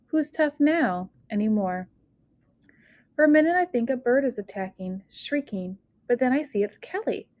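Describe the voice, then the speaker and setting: A woman narrating a first-person audiobook in an expressive reading that speeds and slows with the story. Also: medium pitch, dry recording. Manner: expressive, shifting pace with the story.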